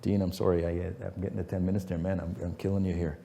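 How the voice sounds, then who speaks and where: A man's voice: deep voice, quick pace, gravelly, a crowd in the background. Emphatic man in his fifties. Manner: emphatic, animated storyteller acting out quotes. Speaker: guest speaker, business founder. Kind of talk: fireside chat on stage.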